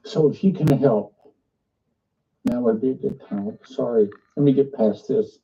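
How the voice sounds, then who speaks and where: A man leading a ministry makes an earnest, halting fundraising appeal mixed with preaching. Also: medium pitch. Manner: earnest, halting, restarts often. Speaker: ministry leader. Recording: muffled, distant played-back clip.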